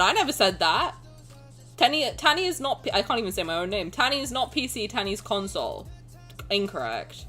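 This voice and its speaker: A young adult woman streamer jokes around with her viewers in a casual livestream, reading chat aloud, swearing now and then, and trading playful banter. Her voice is medium-pitched with a sharp tone.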